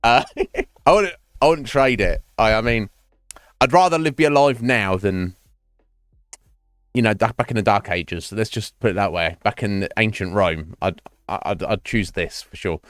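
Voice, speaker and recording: A man's voice: lowish voice, unhurried, no room sound, clean studio sound. A man streaming live, chatting casually with his viewers in a rambling, self-mocking way and swearing freely.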